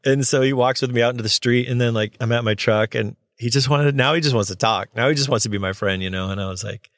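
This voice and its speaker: A man who works as a notary, casually telling a personal story in an animated way and acting out both sides of the conversations. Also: mid-range voice, fast talker, dry recording, studio quality. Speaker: notary signing agent.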